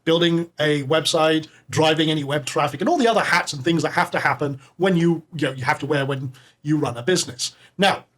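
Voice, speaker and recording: A man hosting a live online webinar, upbeat and salesy, reading names from the chat and pitching to viewers. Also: fairly quick, a bit bright. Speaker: webinar host.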